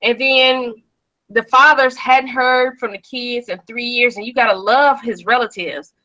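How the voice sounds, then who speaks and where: A woman with a high, bright, sharp voice talks bluntly and sounds indignant. The recording is dull and lo-fi. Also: fairly even intonation, a little slow. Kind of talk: casual chat.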